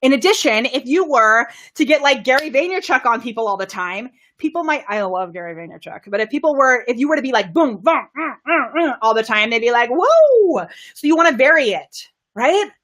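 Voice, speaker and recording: A woman coaching viewers on a live video stream, high-energy and excitable, laughing often, with her microphone set well away from her. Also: fairly quick. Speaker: camera confidence coach. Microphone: microphone kept far from her.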